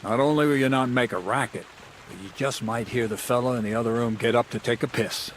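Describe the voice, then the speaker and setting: A sly, scheming thief mentor voiced by a man in a medieval video game, talking in a wry, mocking, conspiratorial way. His voice sits mid-pitch, with a faint hiss of ambience behind it. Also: brisk, close to an everyday voice. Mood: instructive. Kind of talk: studio video game dialogue.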